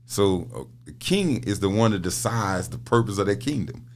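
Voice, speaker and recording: A middle-aged man with a very low voice chats as a podcast guest. He tells his stories loosely, repeating words and laughing often. A faint hum sits under the voice. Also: expressive, moderate pace, darkish tone. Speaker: podcast guest, prison minister. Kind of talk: casual interview talk.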